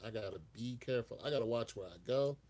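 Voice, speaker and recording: A man's voice: mid-range voice, quick pace, darkish tone. A man hosting a casual live-stream chat, telling rambling stories and laughing often.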